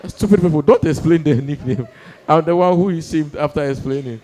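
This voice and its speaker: A young man doing stand-up storytelling on stage, animated, acting out voices and laughing through his lines. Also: a little high, a little fast, few pauses, a little hiss or hum. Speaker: stand-up comedian. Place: comedy stage before a live audience.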